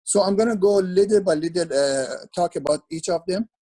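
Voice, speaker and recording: Guy with a husky voice walking realtors through a plan on a zoom call, earnest, keeps repeating himself. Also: sits high, fairly quick, dark tone, rough recording. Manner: earnest, repetitive instructing with frequent restarts. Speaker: webinar speaker for realtors. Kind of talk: presentation over a video call. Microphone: video call.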